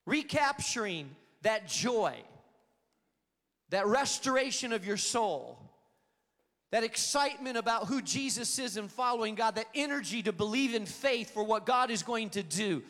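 Animated high-voiced male pastor, reverberant hall. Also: measured pace. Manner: storytelling, animated, acts out quotes. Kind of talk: sermon. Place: auditorium.

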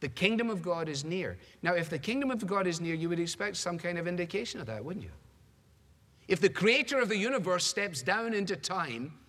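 A man's voice: high-pitched, lively intonation, bright, forceful tone. Male preacher in a reverberant hall. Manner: emphatic, dramatic pacing with slowed stressed phrases; repeats phrases for rhetorical build. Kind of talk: sermon.

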